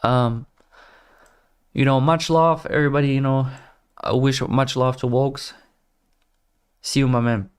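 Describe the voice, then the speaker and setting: A man's voice: medium pitch, fairly even intonation, a little slow, pauses often, smooth. A man hosting a trading livestream, chatting loosely with viewers, full of "like" fillers and calling them brother. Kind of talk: casual livestream chat, reading viewer comments.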